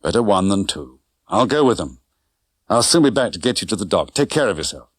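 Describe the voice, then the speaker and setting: A man voicing a calm, composed secret agent with a clipped, understated delivery. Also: on the low side, brisk, slightly rough, dry recording, studio quality. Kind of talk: audiobook character voice.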